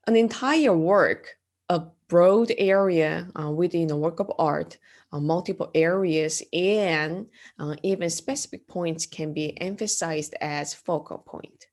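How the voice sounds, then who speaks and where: Woman art instructor, lecture, low voice, slow halting delivery, lots of ums. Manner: halting, frequent ums and uhs; explains terms step by step, asks the class questions.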